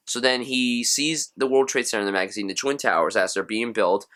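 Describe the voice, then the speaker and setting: A man's voice: medium pitch, a little fast, a bit bright. A young man giving a casual, enthusiastic spoken film review, chatty and full of loose asides. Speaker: movie reviewer.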